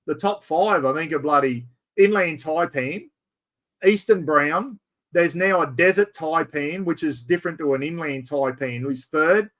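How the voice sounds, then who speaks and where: A middle-aged Australian man chatting casually as host, telling animated stories. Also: a little high. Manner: yarn-spinning, animated storyteller. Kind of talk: casual chat.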